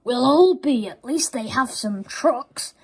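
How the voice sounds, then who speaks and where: A woman's voice: high voice, expressive, slow, vocal fry, husky, pitched above the performer's own voice, exaggerated voice. A woman doing a hearty sailor-talking diesel engine. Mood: surprised. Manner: hearty, sing-song. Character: jolly male diesel engine with sailor talk.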